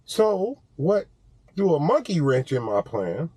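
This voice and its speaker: Husky, animated man vlogging. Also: a little high, takes it slowly, dry recording. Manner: animated storytelling, profane, laughs often. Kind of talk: casual vlog talk to camera.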